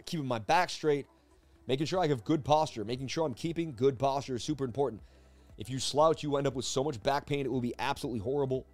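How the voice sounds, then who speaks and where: A man hosting a casual live stream of crypto chart analysis from his seat at a desk, talking in an energetic, rambling, jokey way. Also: medium pitch, quick pace. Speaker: crypto market analyst host. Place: seated at a desk indoors.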